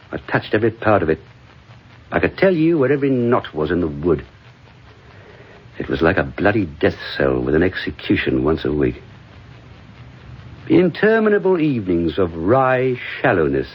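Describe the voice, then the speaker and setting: An actor playing a drunk, bitter, washed-up middle-aged comedian in a stage monologue, rambling and sardonic, swinging from mutters to outbursts. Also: male voice, sits low, breathy edge, heavily acted. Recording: dull lo-fi recording.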